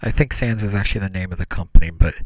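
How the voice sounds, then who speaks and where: A man's voice: low voice, rapid-fire, dry recording. A young man hosting a solo podcast, meandering with fillers and self-corrections, in a small room on a podcast mic. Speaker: podcast host. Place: small room, talking into his hand. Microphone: podcast mic cupped by hand.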